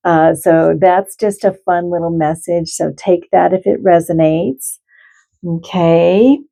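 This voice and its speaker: A woman who is an animal communicator and card reader, giving a spiritual card reading to viewers in a gentle, heartfelt and reassuring way. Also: lowish voice, fairly even intonation, slow pace, gravelly, rough recording.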